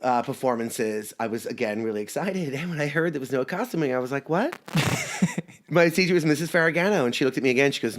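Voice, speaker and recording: A man's voice: mid-range voice, lively intonation, a little fast. A man from Staten Island, a guest on a podcast, chatting in a playful, campy way and laughing often. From Staten Island, New York. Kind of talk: casual chat.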